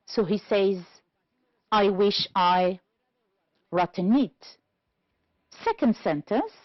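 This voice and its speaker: A woman with an Algerian accent teaching English grammar in a televised lesson, speaking slowly and clearly. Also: on the high side, no room sound. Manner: slow, clear teacherly delivery with lively intonation. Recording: dull, slightly lo-fi dry studio sound.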